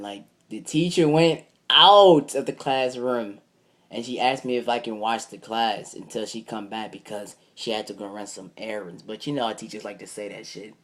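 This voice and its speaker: A man's voice: fairly low pitch, fairly bright tone. A young man vlogging a casual, rambling story, swearing freely and retelling it line by line. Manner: rambling, profane, retells with "I'm like".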